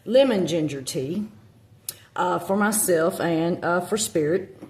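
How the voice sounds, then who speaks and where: A woman's voice: lowish voice, slow, darkish tone, roomy sound. A woman with a Southern accent chatting casually to her phone camera, rambling with lots of ums and self-corrections. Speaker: witch vlogger.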